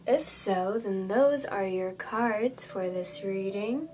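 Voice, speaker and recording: Young woman, hoarse voice, unhurried tarot reading, soothing drawn-out delivery, mid-pitched. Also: a little mellow, a little hiss or hum, rough recording. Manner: slow, soothing, drawn-out phrasing. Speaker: tarot reader. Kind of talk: calm guided tarot reading.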